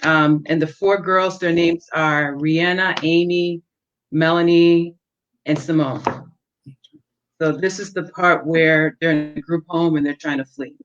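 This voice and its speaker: Woman author reading her novel aloud. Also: deep voice. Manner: measured, steady reading pace with a few fillers between excerpts. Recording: dull lo-fi stream audio.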